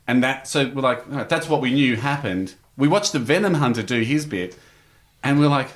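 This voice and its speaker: A man's voice: mid-range voice, moderate pace. Man telling a rambling story. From Australia. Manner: rambling, animated storyteller acting out quotes. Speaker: podcast guest. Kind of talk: casual storytelling chat.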